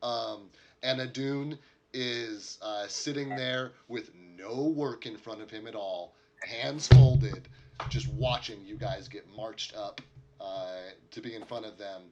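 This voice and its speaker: A man's voice: on the low side, slow pace, music in the background. A man narrating as a game master in a casual, rambling way, with many fillers.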